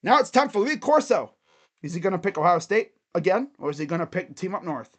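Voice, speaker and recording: Rambling male sports streamer, slightly high voice. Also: big pitch swings, quick pace. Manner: rambling, thinks aloud with fillers and restarts. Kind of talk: casual livestream chat about college football.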